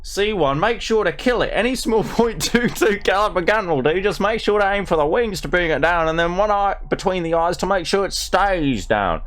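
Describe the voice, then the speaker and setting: A man's voice: high-pitched, animated, moderate pace, hardly any pauses, pitched above the performer's own voice. A man putting on a brash Australian doctor. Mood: blustery. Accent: put-on broad Australian. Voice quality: loud, crude, theatrical storybook reading. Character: brash old Australian male butterfly doctor.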